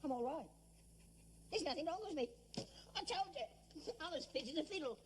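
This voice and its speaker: A man's voice: very high-pitched, expressive, fairly quick, slight background noise. A whining old London father. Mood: dismissive. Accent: London working-class. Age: older. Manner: whining, self-pitying, cutting. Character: cantankerous selfish old rag-and-bone father. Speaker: elderly father in a sitcom. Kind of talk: 1960s television sitcom acting.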